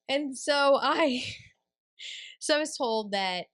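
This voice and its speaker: A middle-aged woman co-hosting a podcast, telling a personal story in casual chat and quoting others in a lowered voice. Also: animated, drawn-out words, fairly bright tone. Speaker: podcast co-host.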